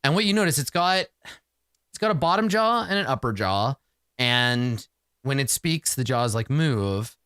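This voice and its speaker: Game master, male, casual, lively pitch, dry close sound. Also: normal speed, clear, resonant tone, no room sound. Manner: rambling, many fillers and restarts. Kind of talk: narrating a tabletop game.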